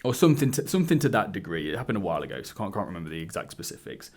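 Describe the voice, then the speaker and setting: Low-voiced man telling a candid story. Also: big pitch swings, rapid-fire, darkish tone. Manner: candid, swearing, acts out quoted dialogue. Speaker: dating coach. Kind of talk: casual storytelling to camera. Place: indoors, wearing a hood. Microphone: camera mic.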